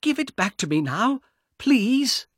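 A man voicing a frightened young woman in a read-aloud story, raising his voice high to plead with her brother. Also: sing-song, slow pace, fairly bright tone, slightly rough, no room sound, clean studio sound, exaggerated voice.

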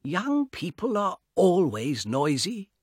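A man voicing the inner thoughts of a quiet, fussy fifty-year-old man in a read-aloud story. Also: high voice, huge pitch swings, slightly rough, no room sound, studio quality, voice pushed up, full character voice. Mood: musing. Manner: slow, mildly grumbling inner thoughts. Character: quiet, fussy middle-aged man, fond of trains.

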